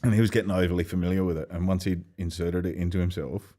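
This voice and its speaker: Aussie bloke, low voice, casual podcast chat, swears a lot, acts out the people in his stories. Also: fast talker. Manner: swearing, animated anecdotes with quoted voices. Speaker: podcast guest.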